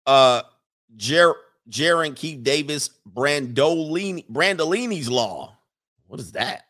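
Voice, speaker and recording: A man's voice: fairly high pitch, lively intonation, slow pace, fairly bright tone. A man hosting a casual livestream, talking emphatically with many fillers and restarts and reading chat comments aloud.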